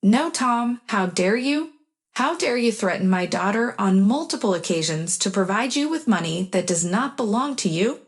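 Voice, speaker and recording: A woman's voice: mid-range voice, expressive, normal speed, lightly acted. A woman voicing a fierce, protective mother who speaks in an accusing, cutting way.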